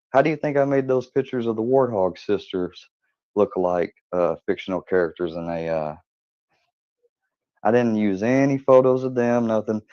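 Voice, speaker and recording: Deep-voiced man telling rambling stories. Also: warm tone, no room sound. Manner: rambling, profane, laughs often. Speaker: channel host. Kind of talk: casual storytelling monologue. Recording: dull lo-fi dry recording.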